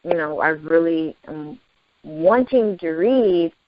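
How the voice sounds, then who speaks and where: A woman chatting casually as a podcast co-host, excitable and gushing, laughing often. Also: low voice, slow pace, no echo. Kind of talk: casual chat. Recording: dry lo-fi recording.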